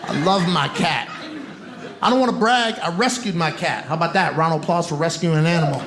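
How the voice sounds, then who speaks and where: A man's voice: fairly high pitch, a little fast. A man in his forties performing a stand-up set in a comedy club, with punchy banter and riffs aimed at the crowd. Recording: roomy live club with loud crowd noise.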